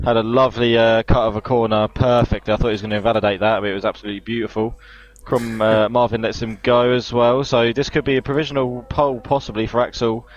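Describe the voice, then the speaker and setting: A man calmly calling a sim racing qualifying session, with dry humour. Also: medium pitch, fast talker, few pauses. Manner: laid-back, dry humour. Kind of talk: live esports race commentary. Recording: slightly dull lo-fi mic.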